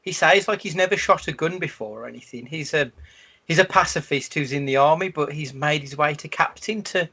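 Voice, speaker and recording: Wry man, slightly high voice. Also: fairly quick, bright, forceful tone, slightly rough. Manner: wry and sarcastic. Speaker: podcast co-host. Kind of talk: casual film-review chat. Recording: dull lo-fi podcast audio.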